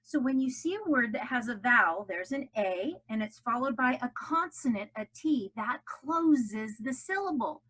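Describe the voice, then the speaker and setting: A woman's voice: on the high side, animated, moderate pace, hardly any pauses, a bit bright, poor audio. A woman teaching English language learners in a recorded lesson for children, encouraging and carefully drawing out her stressed vowels. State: out of breath after jumping jacks. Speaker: ESL teacher.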